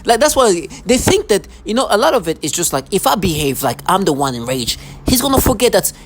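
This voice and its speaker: Angry ranting monologue, threatening tone, repeated restarts, mid pitch, faint background noise. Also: very animated, brisk, rough recording.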